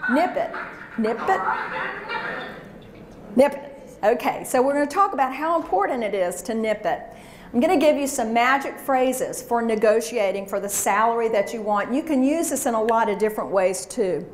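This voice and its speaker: A woman's voice: on the high side, lively intonation, fairly quick. A woman giving a live career workshop, coaching emphatically and drilling phrases with her audience. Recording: roomy echo, faint background noise.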